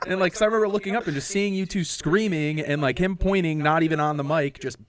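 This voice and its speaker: A man's voice: on the high side, fast talker, crowd noise. A man co-hosting a podcast, telling a concert story in casual, profane chat and acting out what people said. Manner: profane, animated storytelling with acted quotes. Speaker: podcast co-host.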